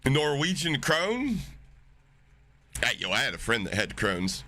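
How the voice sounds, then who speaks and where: A man streaming live, chatting casually with his viewers, swearing freely and getting excited as he reacts to chat. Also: mid-range voice, measured pace.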